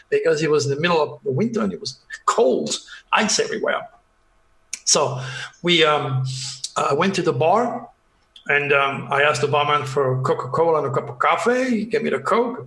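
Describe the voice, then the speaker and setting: A man's voice: a little high, vocal fry, bright, forceful tone, reverberant, low-quality recording. A man from France, telling a dramatic story as a podcast guest and acting out the dialogue. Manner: dramatic, acts out dialogue, restarts often. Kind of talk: animated storytelling.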